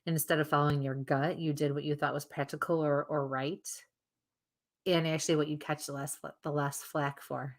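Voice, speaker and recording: A warm, chatty psychic medium co-hosts a live show, reading spirit messages for viewers and laughing often. Her voice is low and her delivery flat, at a moderate pace.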